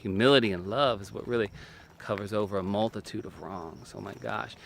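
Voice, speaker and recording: Briskly and with vocal fry, a man with a lowish, slightly bright voice gives a faith-based relationships talk drawn from his own life. He's earnest and emphatic, repeats short phrases, keeps saying "man," and there's slight background noise.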